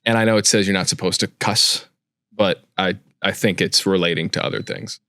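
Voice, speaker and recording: A man's voice: deep voice, fairly even intonation, fairly quick, pushed and bright, no room sound, clean studio sound. A man co-hosting a casual podcast, talking bluntly and cursing a lot. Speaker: podcast co-host, tattoo artist. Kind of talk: casual chat.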